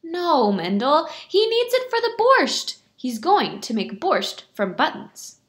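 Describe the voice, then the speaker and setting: A woman reading aloud, voicing an excitable, hurried male synagogue caretaker who pleads urgently. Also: high-pitched, voice pushed up, heavily acted.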